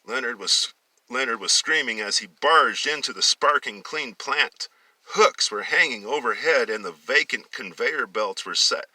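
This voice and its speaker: A man's voice: mid-range voice, sharp tone, no room sound, far from the mic, poor audio. A man reading a novel aloud, often stumbling, restarting and correcting himself. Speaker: story reader.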